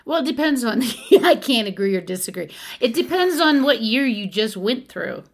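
Woman, relaxed guest voice, agreeable, unhurried. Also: on the high side. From United States. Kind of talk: casual chat.

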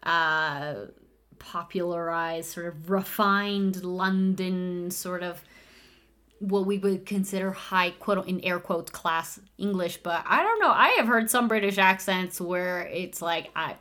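Woman, casual co-host, animated, thinks out loud. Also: fairly low pitch, takes it slowly. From United States. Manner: animated, thinks aloud with restarts and laughs. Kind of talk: casual chat.

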